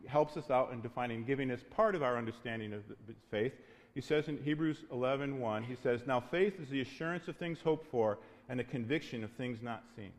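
A man preaching a sermon as pastor, earnest and conversational, often restarting his phrases. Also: medium pitch. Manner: earnest, restarts often, acts out quoted voices. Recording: long hall reverb.

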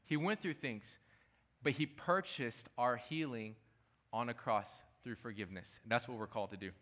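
A man's voice: medium pitch, normal speed, a bit bright. A man preaching a sermon as pastor, talking emphatically and repeating his key phrases.

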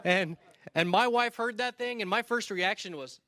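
A male pastor preaching a sermon, telling stories in a conversational way with quick asides and restarts. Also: sits high, bright, forceful tone. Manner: storytelling, conversational with quick asides and repeated starts.

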